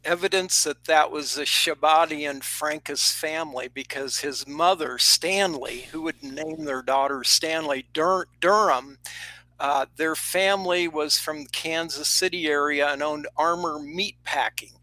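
This is a man with a fairly high, bright and tense voice, recorded dry in a studio. He co-hosts and rambles, stacking one claim on top of the next. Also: dry recording, rough recording. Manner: rambling, rapid-fire claims. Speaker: co-host. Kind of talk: casual chat.

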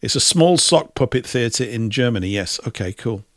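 A man's voice: mid-range voice, expressive, moderate pace, fairly bright tone, dry recording, clean studio sound. A man hosting a casual podcast chat, talking in a chatty way, laughing often and reading out viewer comments. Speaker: host.

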